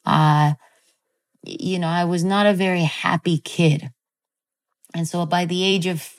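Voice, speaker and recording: A woman with a slightly low voice, appearing as a guest, shares a personal story in a casual, animated manner. Her speech is loose and unhurried, full of fillers, restarts and long pauses.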